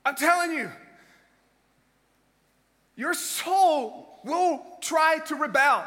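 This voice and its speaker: A middle-aged man preaching a sermon, impassioned and shouting exhortations with chuckles in between. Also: very high-pitched, lively intonation, drawn-out words, pauses often. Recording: reverberant hall.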